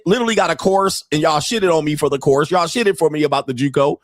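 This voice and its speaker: A man's voice: a little high, lively intonation, quick pace, few pauses, dry recording, clean studio sound. A man hosting a podcast, ranting bluntly and profanely about dating, with a mocking tone and frequent laughs. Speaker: podcast host and dating commentator. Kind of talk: casual podcast rant.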